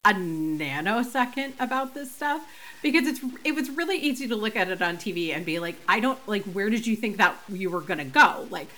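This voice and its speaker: A woman's voice: mid-range voice, animated, brisk, bright, forceful tone, poor audio. A woman co-hosting a podcast in casual chat, reasoning things through at length with many fillers. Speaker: podcast co-host.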